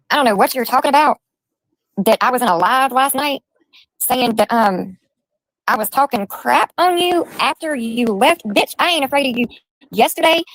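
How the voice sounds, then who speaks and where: A woman delivers a profane, mocking callout rant. Her voice sits a touch high and the sound is close and dry, with no room around it. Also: dry recording, rough recording. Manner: crude, taunting, profane. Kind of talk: ranting callout.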